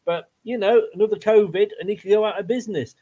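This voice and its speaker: Male podcast co-host, high voice, blunt and sweary, muffled recording. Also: fast talker, dark tone. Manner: blunt, swears, rambling with fillers. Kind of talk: casual football chat. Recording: dull lo-fi sound.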